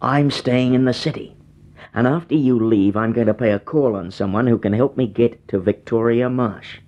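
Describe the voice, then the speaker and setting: An actor playing a cold, scheming criminal mastermind who gives curt, bossy orders, in vintage radio drama style. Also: male voice, mid-range voice, fairly even intonation, normal speed, lo-fi sound, close to an everyday voice.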